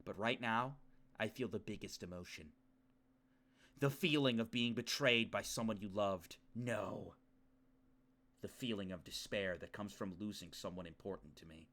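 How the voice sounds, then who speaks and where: A man voicing a grim, grieving teenage boy hero, reading game dialogue aloud in a quiet, solemn way. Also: on the low side, moderate pace, pitched below the performer's own voice.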